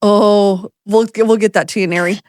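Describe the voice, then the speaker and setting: A woman's voice: moderate pace, slight background noise. A woman in her forties co-hosting a podcast, telling a story in casual chat and acting out the quotes. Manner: animated storyteller, acts out quotes with big pitch jumps. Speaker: podcast co-host.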